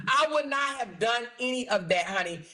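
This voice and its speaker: On her channel, a woman goes on a blunt, profane, mocking rant, repeating phrases for emphasis in a casual way. Her fairly high voice is expressive, bright, and forceful, at a moderate pace.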